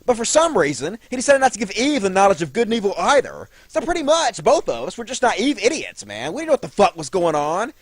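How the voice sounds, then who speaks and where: A man's voice: high-pitched, wildly swooping pitch, quick pace, hardly any pauses, no echo, exaggerated voice. A man playing a crude, slacker-style Adam, the first man, in a comedic monologue full of "man" and "dude". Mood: aggrieved. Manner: foul-mouthed stoner drawl, lots of "man" and "dude".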